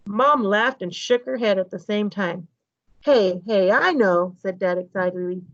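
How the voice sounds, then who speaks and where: A woman teacher reading a children's novel aloud to her class, lively and voicing each character's dialogue. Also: medium pitch, unhurried, no echo, muffled recording. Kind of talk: children's book read-aloud.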